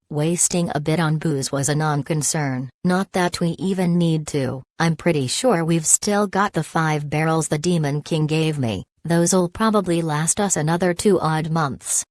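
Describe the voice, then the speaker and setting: A woman's voice: low-pitched, fairly even intonation, normal speed, hardly any pauses, a little mellow, dry recording, clean studio sound. A woman narrating a fantasy novel aloud in a casual, wry first-person voice. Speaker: audiobook narrator.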